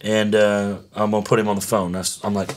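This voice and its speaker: A man's voice: on the low side, brisk, slight background noise. A man, a guest musician telling casual stories full of fillers and restarts. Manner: animated anecdotes with many fillers and restarts. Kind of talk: casual storytelling.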